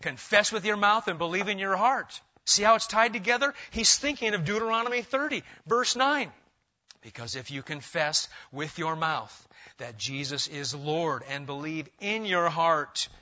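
High, bright-voiced man preaching a sermon. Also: measured pace. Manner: animated preaching, swinging between loud emphasis and quiet asides. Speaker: pastor. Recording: dull, lo-fi sermon recording.

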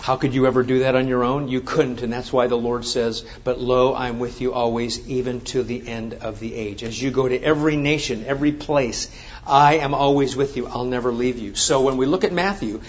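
A man's voice: mid-range voice, fairly even intonation, fairly quick. A man preaching a sermon, reading scripture and then explaining it with emphatic, rising exclamations. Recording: dull lo-fi sound.

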